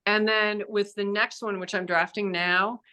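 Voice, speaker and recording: An older woman with a bright, forceful voice, guesting on a podcast. She talks in an animated, profane way and acts out her own inner voice with big reactions. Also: medium pitch, a little slow, smooth. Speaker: guest author. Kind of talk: casual podcast interview.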